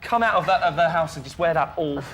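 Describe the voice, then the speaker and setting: A young English man hosting breakfast television, teasing callers and guests with cheeky, quick banter. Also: on the high side, background noise. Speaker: breakfast TV host.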